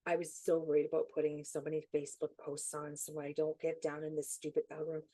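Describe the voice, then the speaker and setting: Middle-aged lady chatting on a podcast, warm low-ish voice, dry close sound, laughs a lot. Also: fast, no room sound, poor audio. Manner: chatty, laughs often, animated storytelling. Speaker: podcast guest. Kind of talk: casual chat.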